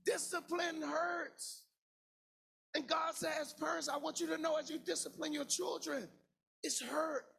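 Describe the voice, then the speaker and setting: Pastor, male, very high gravelly voice, shouting sing-song sermon. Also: fairly even intonation, unhurried. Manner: preaching with shouted, sing-song cadence and repetition.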